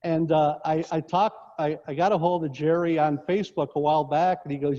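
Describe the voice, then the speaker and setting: A man, a former coach from northern New York, tells meandering stories with restarts and chuckles. His voice sits a bit high but mellow. The lo-fi recording carries a long reverb tail. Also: fairly even intonation, brisk, hardly any pauses. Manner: rambling anecdotes with restarts, chuckling. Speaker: guest, former basketball coach. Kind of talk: casual storytelling on a sports talk show. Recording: dull lo-fi audio in a reverberant space.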